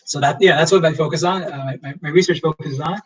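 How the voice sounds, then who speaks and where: A young man teaching as a history professor in a casual livestream lecture, relaxed and rambling with many fillers. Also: fairly high pitch, quick pace, slightly rough, recorded from a distance, low-quality recording.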